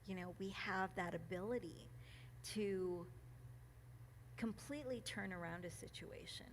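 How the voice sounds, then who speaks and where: A woman speaking at a church gathering, reading a passage and reflecting on it, emotional and quick to laugh, with many ums and restarts. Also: mid-range voice, a little hiss or hum. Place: church meeting room.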